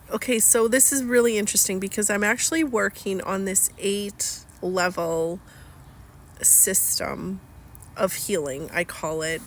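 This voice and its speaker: A middle-aged woman speaking candidly in a personal video, slow and searching, rambling with fillers. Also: medium pitch, a bit bright. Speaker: healing coach.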